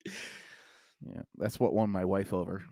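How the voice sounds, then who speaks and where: A man's voice: low voice, fairly even intonation, takes it slowly, vocal fry, mellow, no echo, studio quality. A man, a pastor, chatting casually and joking, telling a story with put-on voices. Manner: jokey, tells stories with put-on voices. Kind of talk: casual chat.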